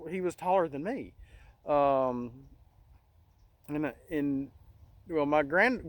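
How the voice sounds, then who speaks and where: A middle-aged man hosting a casual monologue, talking in an earnest, halting way with many restarts. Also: on the high side, no room sound, rough recording. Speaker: channel host.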